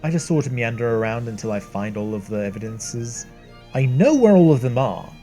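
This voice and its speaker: Rambling young gameplay commentator, lively pitch. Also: brisk, faint music behind. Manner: rambling, self-deprecating, laughs often. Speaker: let's play host.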